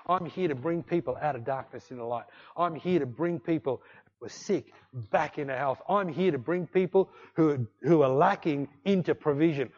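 A man preaches with fervent repetition, driving home his refrains and dropping to quiet intensity between loud surges. His voice sits a touch high. The recording is muffled and lo-fi, like an old church tape. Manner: impassioned, repetitive exhortations with swings between loud and hushed. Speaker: pastor. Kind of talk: sermon.

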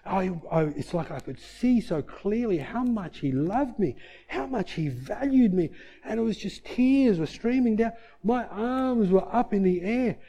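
A man preaches in a mellow, warm-toned voice that sits a little higher than most men's. He talks casually, tossing off quick asides, then drops to near-murmurs and climbs again to loud, emphatic declarations. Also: expressive, dull audio. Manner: conversational, swings from soft and low to loud and emphatic. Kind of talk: sermon with personal testimony.

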